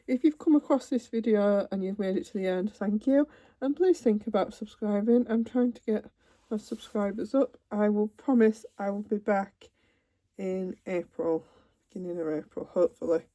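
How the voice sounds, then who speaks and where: Here a woman speaks at normal speed in a mellow, medium-pitched voice, recorded dry. It's a casual unboxing chat for her home vlog: seated in a computer chair, she opens a cross-stitch kit and lets her asides trail off.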